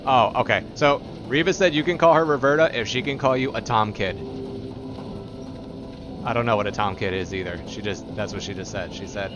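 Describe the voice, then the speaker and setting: A man's voice: lowish voice, a little fast, background noise. A man streaming a game live, playfully teasing his companion and relaying her replies aloud, laughing often.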